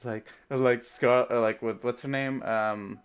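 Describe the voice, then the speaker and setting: A man's voice: medium pitch, steady tone, unhurried, clear, resonant tone. A young man hosting a podcast in casual chat, rambling with lots of filler words and frequent laughter. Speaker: podcast host.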